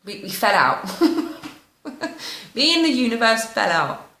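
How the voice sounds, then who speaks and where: A woman's voice: fairly high pitch, sing-song, slow pace, bright, forceful tone. Candid woman in an echoey room. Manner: raw, candid, emotional, swears freely. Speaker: spiritual vlogger. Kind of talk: personal confessional storytelling. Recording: roomy echo.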